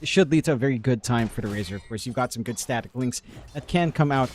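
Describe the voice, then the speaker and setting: A man's voice: mid-range voice, fast, slight background noise. A man commentating a live esports match, breaking down the game analytically and joking with his co-caster.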